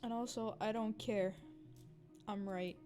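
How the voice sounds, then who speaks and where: Goofy, unhurried woman streamer. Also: fairly even intonation, mellow, faint music behind. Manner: goofy and playful, giggly, with sudden squeaky cries and mock whispers. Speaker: livestreamer. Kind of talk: casual live-stream chatter while gaming.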